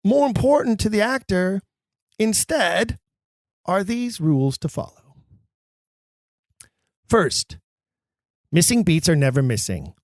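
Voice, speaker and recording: A man's voice: high voice, sing-song, takes it slowly, pauses often, no echo, studio quality. A man hosting a podcast, explaining verse to actors in an emphatic way with wry, self-mocking asides. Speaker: podcast host. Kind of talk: explanatory talk on Shakespeare for actors.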